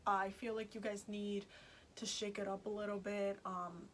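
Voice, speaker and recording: A woman's voice: mid-range voice, little pitch movement, moderate pace, slight background noise. A woman giving a casual, chatty tarot reading to her viewers, emphatic and repeating herself, with many fillers. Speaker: tarot reader.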